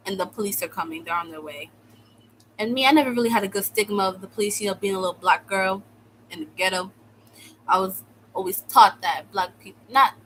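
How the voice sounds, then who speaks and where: A young woman from the United States telling a personal story in a casual, slangy way, with sudden loud outbursts. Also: medium pitch, slight background noise, rough recording. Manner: animated, slangy, swings into loud exclamations. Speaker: vlogger.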